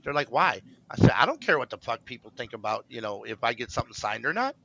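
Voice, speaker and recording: A man's voice: mid-range voice, very animated, fast talker, creaky, pushed and bright, muffled recording. A man co-hosting a podcast, telling a rambling story in casual chat, full of fillers and restarts and acting out the voices he quotes. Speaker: podcast co-host.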